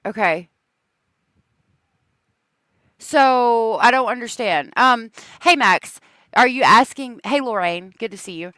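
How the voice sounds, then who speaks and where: A woman chats slowly and casually on a livestream. She greets viewers by name and laughs easily. Her voice is smooth and clear, with a dry, close sound. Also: on the high side, animated, pushed and bright, dry recording. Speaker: true crime livestream host.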